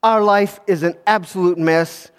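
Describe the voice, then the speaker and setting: A man's voice: high voice, fairly even intonation, unhurried, clear, resonant tone. A man voicing a frustrated young king in a told story, pleading and exasperated. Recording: hall reverb.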